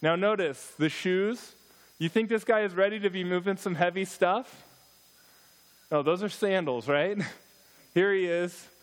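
A man speaking to a church gathering, slipping jokes and stories into his talk. His voice sits a touch higher than most men's. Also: a little slow, pauses often. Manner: storytelling, joking, animated asides. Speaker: missionary speaker.

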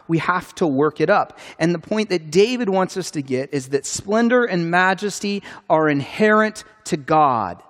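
A man's voice: high voice, animated, moderate pace, few pauses. Man preaching in a reverberant hall. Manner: earnest, conversational preaching with restarts. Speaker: pastor. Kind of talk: sermon.

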